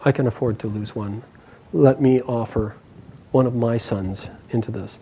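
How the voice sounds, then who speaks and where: A calm, gracious queen mother who speaks softly and politely, as a storyteller puts her on. She sounds composed and firm under the gentleness. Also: medium pitch, moderate pace, husky, voice pushed down, rough recording. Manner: soft-spoken, polite.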